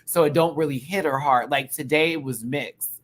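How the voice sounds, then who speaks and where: A man giving casual live-stream commentary as a show reviewer, animated and campy, with quick asides and laughs. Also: on the high side.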